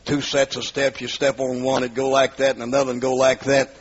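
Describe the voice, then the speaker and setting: A man's voice: medium pitch, completely flat delivery, a little fast. A man preaching his life testimony in a storytelling manner, acting out the dialogue and rising into pleading cries, from the southern United States. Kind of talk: testimony sermon. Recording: muffled, husky lo-fi recording.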